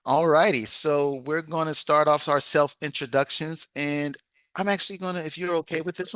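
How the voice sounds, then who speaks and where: Bright-voiced man hosting a club meeting. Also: medium pitch, creaky, no room sound. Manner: lively storyteller with small restarts. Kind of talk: casual meeting chat and joke telling.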